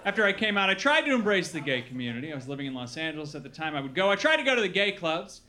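A man from Milwaukee performing a stand-up comedy set, telling stories with animated acted-out quotes. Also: a little high, rapid-fire. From Milwaukee, Wisconsin. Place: comedy club with live audience.

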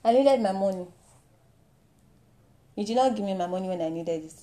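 A young woman with a Nigerian accent speaks at normal speed and medium pitch in a comic monologue, animated and mock-indignant, weaving in pidgin and Yoruba expressions.

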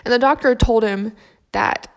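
Woman with a gravelly voice, telling a sad story. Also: fairly high pitch. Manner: soft, reflective, halting. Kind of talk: personal story.

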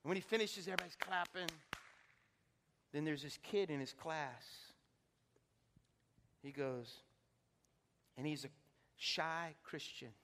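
Bright-voiced pastor preaching in a hall. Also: male voice, fairly high pitch, a little slow, pauses often, a little hiss or hum. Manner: swings from hushed intimacy to loud preaching climaxes. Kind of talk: sermon with altar call. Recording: reverberant hall, from a distance.

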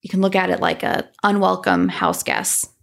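A woman's voice: lowish voice, sing-song, moderate pace, vocal fry. A woman co-hosting a podcast, talking casually and coaching listeners through examples. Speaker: podcast co-host. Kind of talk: casual self-help chat.

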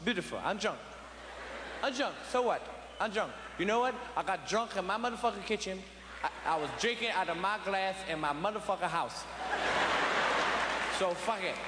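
A drunk, defiant father ranting with profane repetition, as a comedian acts him out. He is loud and high-pitched, and he repeats himself. The hall is echoey, with a long reverb and noise underneath. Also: moderate pace, pauses often, a crowd in the background, close to an everyday voice. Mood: belligerent drunk. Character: drunk middle-aged father, belligerent and defiant.

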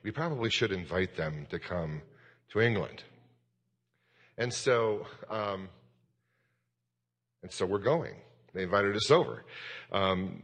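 A man's voice: on the low side, expressive, slow pace, pauses often, a bit bright, slightly rough, long reverb tail. A man, a pastor, giving a sermon in a candid, self-deprecating and rambling way.

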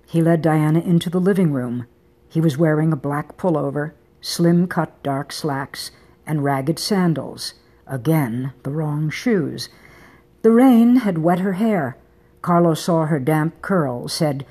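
Audiobook narrator, woman, low husky mellow voice, soft intimate delivery. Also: slow pace. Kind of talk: scripted narration of a romance novel.

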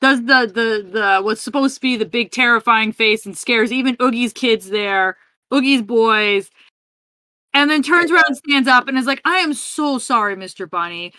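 Female podcast co-host, bright tone, dry close mic, chatty film recap. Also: a little high, normal speed, no room sound. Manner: chatty, animated retelling with filler "like" and "yep". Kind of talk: casual chat recapping a film.

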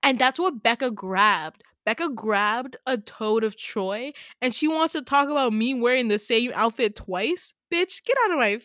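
A woman host casually retelling a dream, full of "like" fillers and casual swearing, with sudden high exclamations. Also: a little slow, hardly any pauses, fairly bright tone, no echo, studio quality. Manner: chatty, frequent "like" fillers, swears freely. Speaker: podcast host.

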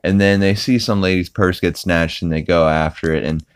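A young man with a very deep voice and a smooth, resonant tone, recapping an episode on his podcast. He rambles casually and restarts his sentences often. The sound is close and dry. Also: fairly even intonation, normal speed, no room sound. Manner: rambling, full of fillers and restarts. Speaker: podcast host.

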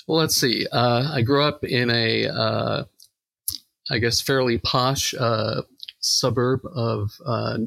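A middle-aged man from Long Island, New York, a professor guest on a podcast, telling stories in a relaxed way with many fillers. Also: mid-range voice, slow, creaky, no room sound. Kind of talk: podcast interview.

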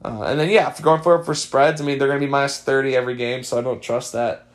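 A man's voice: medium pitch, steady tone, quick pace. A young adult man hosting a podcast, chatting casually in a rambling, wry way with many fillers. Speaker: podcast host. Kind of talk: casual chat.

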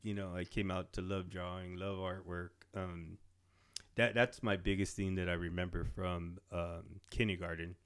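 A middle-aged man, a guest in a casual chat, sharing memories in a relaxed, hesitant way with frequent fillers. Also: low voice, normal speed, clean tone.

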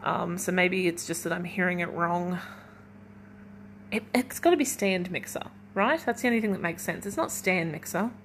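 A woman's voice: on the low side, moderate pace, a bit bright, slight background noise. Chatty young woman rambling while baking. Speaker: podcast host. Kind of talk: casual solo podcast chat. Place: at home in her kitchen while baking.

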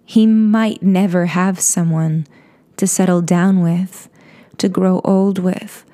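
A woman recounting a personal story in a low, mellow voice. She speaks softly and confessionally, often sinking into a whisper. Her sentences stall and restart as she works through the memory. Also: steady tone, slow. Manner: soft, confessional, slips into whispers; frequent restarts and stammers.

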